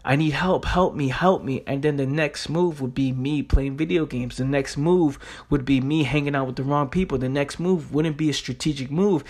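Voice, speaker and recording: A man's voice: fairly high pitch, steady tone, normal speed, hardly any pauses, a little mellow. A man hosting a motivational podcast monologue. He talks bluntly, swears, repeats points for emphasis and keeps checking in with "right?". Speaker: podcast host.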